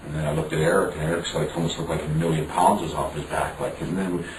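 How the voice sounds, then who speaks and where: A man's voice: a bass voice, little pitch movement, fast. A man being interviewed, telling a story frankly with some swearing and acting out what others said. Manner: frank, profane, acts out dialogue. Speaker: interview guest. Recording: roomy, distant mic, background noise.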